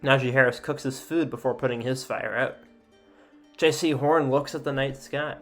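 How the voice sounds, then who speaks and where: A man's voice: medium pitch, fairly even intonation, moderate pace, fairly bright tone, soft background music. Casual man reading out game events. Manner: reads events aloud with frequent "uh" fillers and asides. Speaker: sports YouTuber. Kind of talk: casual commentary reading out a simulation.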